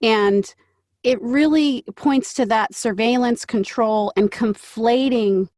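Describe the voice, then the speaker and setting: Slow-spoken woman podcast host. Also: on the high side, darkish tone, no echo, studio quality. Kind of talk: conversational podcast interview.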